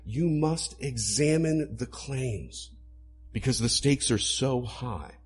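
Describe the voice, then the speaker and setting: A man preaching a sermon to a congregation, animated, acting out quoted lines as he explains. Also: mid-range voice, takes it slowly, breathy edge. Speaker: pastor.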